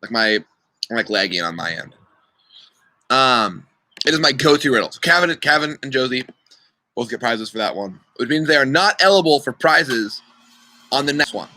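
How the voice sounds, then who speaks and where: Young male youth leader, casual and chatty, bright voice, computer mic. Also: medium pitch, lively intonation, moderate pace, pauses often, no echo, rough recording. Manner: chatty, playful, talks to kids by name. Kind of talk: casual online riddle game. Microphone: computer mic on a video call.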